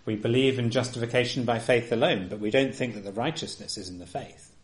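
A man preaching a sermon, earnest and emphatic, often dropping to a soft, quiet delivery. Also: medium pitch, steady tone, a little fast.

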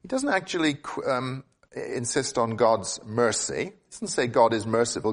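In a sing-song voice at a moderate pace, a man earnestly preaches an expository sermon. He keeps restarting and repeating words while thinking aloud, and his pitch jumps suddenly higher for emphasis.

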